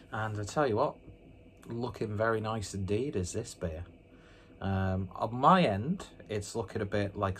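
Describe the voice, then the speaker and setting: A man with a fairly low voice talks through a beer review in a relaxed, rambling way. He breaks off now and then with joking, self-mocking asides. A faint hiss of background noise sits under his voice. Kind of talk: casual beer review vlog. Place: indoors at home with a fan running.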